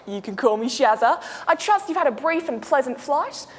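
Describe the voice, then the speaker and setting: A woman with an Australian accent playing a chatty flight attendant in a comic speech, broad and slangy with deadpan jokes. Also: high-pitched, normal speed, a little hiss or hum. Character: brash chatty female Aussie flight attendant. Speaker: speech contestant. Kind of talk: comic after-dinner speech in character. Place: large hall. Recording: echoey hall.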